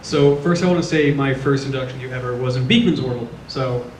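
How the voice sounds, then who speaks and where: A man's voice: medium pitch, fast, a little mellow, a little hiss or hum. A man from the audience asking a question at a convention panel, nervous and self-deprecating. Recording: distant echoey hall audio.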